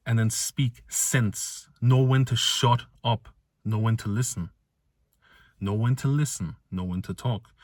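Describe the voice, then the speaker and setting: A man giving an energetic motivational rant to camera as an online business vlogger, repeating his points for emphasis and swearing casually. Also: lowish voice, no echo, studio quality.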